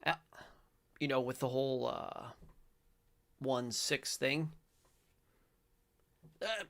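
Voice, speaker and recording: Here a middle-aged man, deeply gravelly and full of fry, hosts a faith-based commentary where he reads aloud and reacts casually. He's animated yet takes it slowly with long pauses, meandering and self-correcting mid-sentence before loud, emphatic outbursts.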